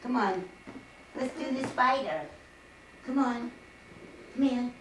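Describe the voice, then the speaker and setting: Older grandma coaxing a toddler, far off. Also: female voice, on the high side, slow. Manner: coaxing, playful, repetitive baby talk to a toddler. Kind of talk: home video baby talk. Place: family home room, indoors. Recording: echoey room, far from mic, faint hiss.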